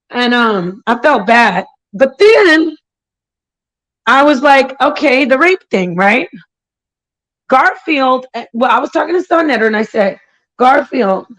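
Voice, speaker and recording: On a roughly recorded livestream, a woman host with a fairly high voice rants casually and indignantly. She spins her story through a string of quick asides, occasionally mocking others with sugary impressions.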